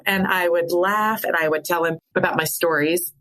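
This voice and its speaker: Podcast guest, middle-aged woman, lowish pitch, frank and animated storyteller. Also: normal speed. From American Midwest. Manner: candid, animated, laughs through sadness. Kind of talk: emotional personal storytelling.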